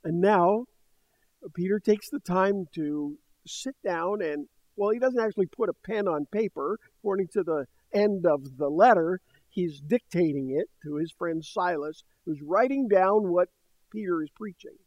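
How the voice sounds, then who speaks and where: A man's voice: sits high, unhurried, darkish tone, no echo. An older man preaching a sermon in a conversational way, with light laughs between points. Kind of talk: sermon teaching. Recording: dull dry studio sound.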